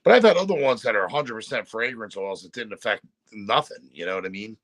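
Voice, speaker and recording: A man's voice: on the low side, lively intonation, fast talker, a bit bright, no room sound. Laid-back rambling middle-aged man. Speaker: show host. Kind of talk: casual chat.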